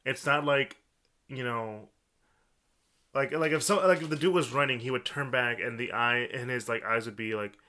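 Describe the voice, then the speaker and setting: A man co-hosting a podcast, discussing a film in casual chat, halting and restarting as he searches for words. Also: mid-range voice, sharp tone. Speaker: podcast co-host.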